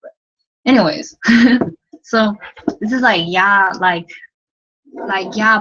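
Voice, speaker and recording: A woman's voice: mid-range voice, slow pace, pauses often, a bit bright, lo-fi sound. A young woman teaching a casual livestream lesson from her bedroom at night, rambling, giggly and self-deprecating, with lots of "like.". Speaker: language tutor.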